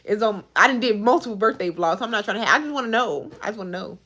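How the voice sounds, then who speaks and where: Twenties woman, Chicago accent, lively casual livestreamer with a swooping pitch. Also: very fast. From Chicago suburbs. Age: 20s. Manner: animated, talks back to chat.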